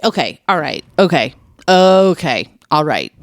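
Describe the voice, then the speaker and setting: A woman with a lowish, very lively voice co-hosting a podcast, telling stories with animation and swearing freely. Her pitch swings widely. The recording is dry, with no room echo. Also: unhurried. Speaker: podcast co-host. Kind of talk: casual chat.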